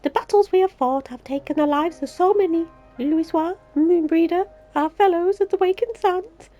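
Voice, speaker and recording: A Yorkshire woman putting on a higher voice to read a grieving young woman leader's lines in a mock-solemn way. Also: normal speed, highs cut off, soft background music. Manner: mock-solemn, archaic-sounding reading.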